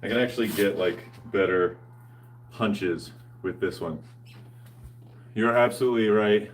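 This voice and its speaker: A fitness vlogger from the United States chats casually with live viewers, answering them in a laid-back, slangy way and laughing often. His voice is lowish with a measured pace, picked up by a distant mic with slight background noise.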